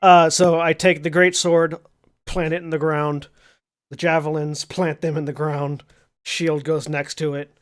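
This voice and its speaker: A man's voice: fairly high pitch, level tone, unhurried, clear, resonant tone. A man playing in a tabletop game, describing his character's actions in a playful, casual way. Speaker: player.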